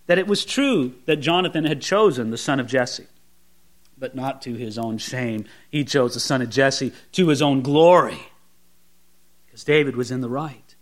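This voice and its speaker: High, lively male preacher. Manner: asks the listeners frequent rhetorical questions. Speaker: pastor. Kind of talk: expository Bible sermon.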